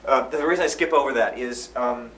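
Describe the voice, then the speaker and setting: A man giving a live lecture at a conference, energetic and repeating phrases for emphasis. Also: medium pitch, brisk. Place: conference hall. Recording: roomy, from far off, faint room noise.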